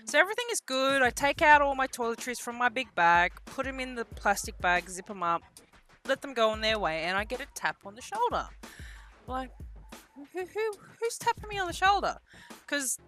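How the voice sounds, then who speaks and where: A woman tells a personal story in a casual vlog. Her voice is bright and forceful, and she curses easily. She acts out what people said in a lively way. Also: a little high, fairly quick, faint music behind. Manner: casual, swears freely. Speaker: vlogger.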